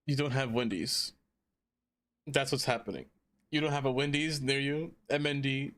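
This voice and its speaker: A young man streaming live, chatting casually with viewers in an animated, joking way and laughing often. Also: medium pitch, normal speed.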